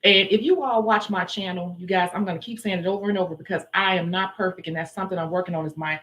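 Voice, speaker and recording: A woman's voice: fairly low pitch, fast. Blunt, chatty Chicago woman livestreaming. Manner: forceful, blunt, chatty, laughs often. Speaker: nail tech livestream host. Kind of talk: casual livestream chat with viewers. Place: indoors at home.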